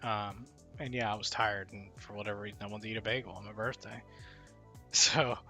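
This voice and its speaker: A man's voice: lowish voice, fairly even intonation, brisk, bright, forceful tone, soft background music. A man in his twenties casually telling a story about himself in a wry, self-deprecating way. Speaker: co-host of gaming stream.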